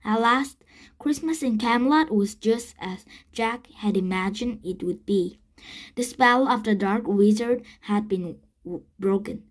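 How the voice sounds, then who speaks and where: Brief: woman reader, slow and halting, storybook read-aloud with self-corrections. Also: medium pitch, low-quality recording. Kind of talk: reading a children's book aloud.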